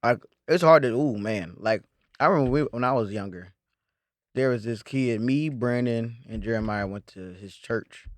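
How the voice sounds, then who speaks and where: A young man co-hosting a podcast, telling profane anecdotes in quick, laughing casual banter. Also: fairly low pitch, dry recording. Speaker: podcast co-host. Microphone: studio podcast mic.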